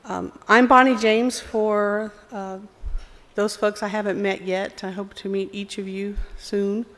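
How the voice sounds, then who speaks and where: A woman's voice: mid-range voice, flat delivery, a little slow, a bit bright. Southern woman presenting in a hall. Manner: self-deprecating, friendly, with fillers. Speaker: program executive presenting. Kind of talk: conference presentation. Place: conference hall. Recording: long hall reverb.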